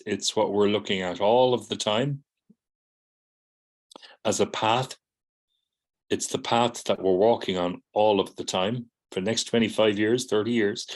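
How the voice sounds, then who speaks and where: Man lecturing, repeating "do you see?". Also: fairly low pitch. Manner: acts out students' replies in quoted voices. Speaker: psychotherapy teacher. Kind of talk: lecture to students.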